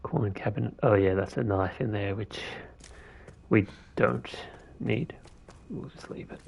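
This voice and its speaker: Gravelly low-voiced man streaming a game. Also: measured pace, lo-fi sound. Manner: relaxed, thinking aloud with fillers. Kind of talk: live gameplay commentary.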